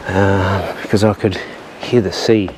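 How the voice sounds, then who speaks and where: A man with a lowish voice chats his way along an outdoor trail, rambling easily with plenty of "uh"s. The clip is handheld and outdoors, and clear open-air noise sits under his voice throughout. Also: fairly even intonation, measured pace, darkish tone, low-quality recording. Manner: chatty and rambling, with frequent "uh" and a light joking tone. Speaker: vlogger. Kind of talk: casual walking vlog narration. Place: outdoors on coastal cliff trails and caves.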